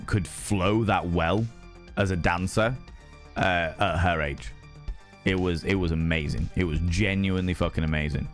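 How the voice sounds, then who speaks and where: Husky, flamboyant male streamer. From Ireland. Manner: theatrical, flamboyant, leaps into high mock voices. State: slightly hoarse and husky from drinking. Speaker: livestream host. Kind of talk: casual chat reading viewer messages.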